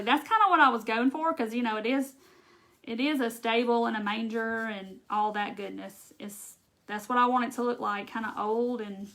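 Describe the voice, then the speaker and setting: A craft livestream host from Mississippi talks casually in a Southern accent while demonstrating a craft live, answering viewers by reading their comments aloud and using "y'all." Her voice is a little high and a bit bright.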